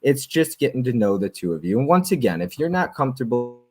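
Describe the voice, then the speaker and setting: A man's voice: medium pitch, big pitch swings, quick pace, over music. A man hosting a live stream in casual chat, reading viewer comments aloud, friendly, with lots of fillers. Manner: friendly, chatty, frequent fillers and laughs.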